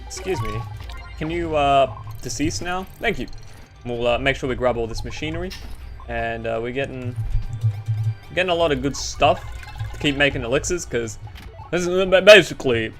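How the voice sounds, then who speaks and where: A man's voice: mid-range voice, moderate pace, long pauses, a bit bright. A young Australian man giving rambling, goofy and self-deprecating gameplay commentary over faint game music. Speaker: gaming YouTuber.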